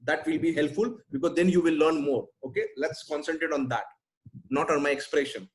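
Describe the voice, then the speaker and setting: Guy doing a webinar q&a, kinda high voice, blunt and pushy, keeps saying right and simple. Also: fairly quick, rough recording. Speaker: sales trainer answering questions.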